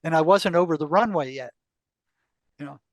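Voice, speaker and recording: A man's voice: a little high, normal speed, no room sound. An older man casually telling a long personal story in an interview, acting out quoted exchanges and laughing along the way.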